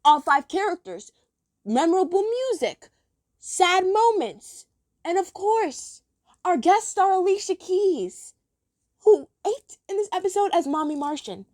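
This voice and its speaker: A woman's voice: extremely high pitch, sing-song, measured pace, darkish tone, no room sound, studio quality. A woman chatting casually as she ranks cartoon episodes, gushing and giggly. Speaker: episode ranking vlogger. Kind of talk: casual chat.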